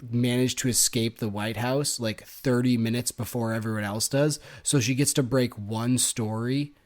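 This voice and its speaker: A man's voice: mid-range voice, steady tone, moderate pace. A man co-hosting a book-club podcast, picking apart a story with sarcastic, ranting critique. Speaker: podcast co-host. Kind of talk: casual book-club discussion.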